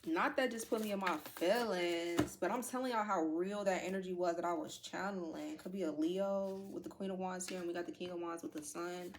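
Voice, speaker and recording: A woman's voice: lowish voice, steady tone, fairly quick, hardly any pauses, a little hiss or hum. A woman giving a casual tarot reading to her viewers, rambling with lots of fillers, calling them y'all, emotional and close to tears at times. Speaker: tarot reader.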